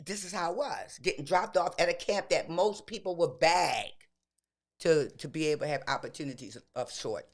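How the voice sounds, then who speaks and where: A woman in her sixties, a podcast guest, telling lively stories in casual chat and acting out her younger self. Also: low voice, normal speed. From Baltimore. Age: 60s. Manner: animated storyteller, acts out her younger self.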